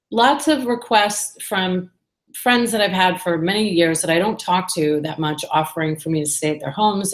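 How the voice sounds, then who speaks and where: A woman's voice: low voice, echoey room. A woman talking candidly to the camera in a casual personal vlog, rambling and chatty with lots of fillers. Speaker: vlogger.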